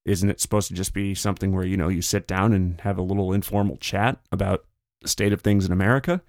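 A man's voice: deep voice, steady tone, darkish tone, no room sound, studio quality. A man hosting a podcast, talking through political commentary in a casual, conversational way. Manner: conversational, paraphrasing others in quick put-on quotes. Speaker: podcast host.

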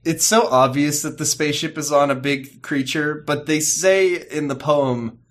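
A man's voice: fairly high pitch, measured pace, fairly bright tone. Sarcastic laughing podcast man. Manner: laughing, sarcastic, casual swearing. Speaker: podcast co-host. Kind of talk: casual chat recapping a TV episode.

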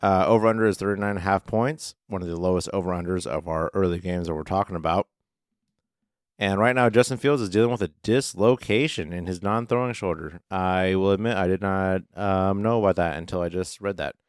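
Deep-voiced man in casual sports chat. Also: a little fast, smooth, no echo, studio quality. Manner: loose, profane, uses workplace analogies. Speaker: fantasy football podcast co-host.

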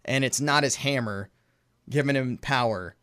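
A man's voice: medium pitch, moderate pace, clean tone. A man co-hosting a casual movie podcast, talking with lots of energy, laughing often and acting out scenes from films. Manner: animated, laughs often, acts out movie lines. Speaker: podcast co-host. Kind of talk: casual chat.

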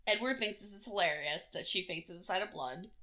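A woman's voice: mid-range voice, brisk, pushed and bright. A young woman co-hosting a casual book discussion, swearing freely and acting out scenes with laughter. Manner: profane, laughing, acts out scenes. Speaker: podcast co-host.

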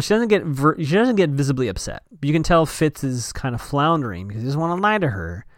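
A man's voice: medium pitch, no room sound, studio quality. A man casually recapping a TV episode as a podcast host, chatting and thinking aloud with many fillers and restarts.

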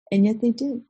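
A woman with a husky, slightly breathy voice tells a personal story in earnest. Her telling is emotional and vivid, full of restarts and re-enacted moments. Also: on the high side, mellow, highs cut off.

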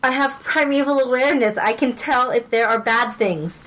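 A woman's voice: fairly high pitch, moderate pace, fairly bright tone. A woman playing a tabletop game, joking around and asking lots of questions. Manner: playful, jokey, asks lots of questions. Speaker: player.

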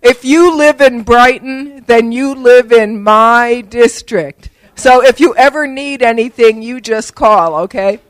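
A woman impersonating a male politician who talks down to her slowly and too friendly. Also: extremely high pitch, fairly bright tone, no echo, voice pushed up, full character voice. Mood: patronizing. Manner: slow, exaggerated, talking down.

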